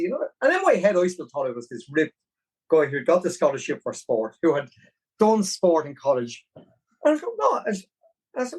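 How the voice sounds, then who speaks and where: A man in his forties with a Dublin Irish accent spins an animated, self-deprecating tale in a fairly high voice. He sits a little back from the microphone. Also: quick pace, husky, far from the mic, rough recording. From Ireland. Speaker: podcast guest, marathon runner. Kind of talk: casual storytelling interview.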